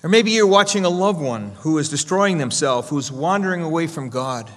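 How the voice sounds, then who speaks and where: A man preaching a sermon with a slightly raised pitch, his voice carrying long reverb through a church hall. He swings between loud, emphatic stresses and soft, slowed-down quotations. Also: lively intonation. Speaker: pastor.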